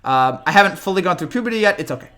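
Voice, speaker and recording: A young man chats his way through a live reaction stream, rambling, repeating himself and getting worked up. His voice sits high and sounds bright and sharp, and it cracks often. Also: lively intonation, very fast.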